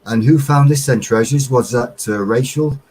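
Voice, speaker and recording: A man's voice: mid-range voice, normal speed, a little mellow, a little hiss or hum, low-quality recording. A man, co-hosting a casual live chat and laughing often. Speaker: livestream co-host.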